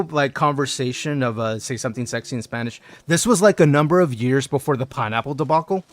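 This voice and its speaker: Animated man telling a story on stream. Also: a little high, no room sound. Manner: animated storytelling, laughs often. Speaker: game streamer. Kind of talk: casual chat while gaming.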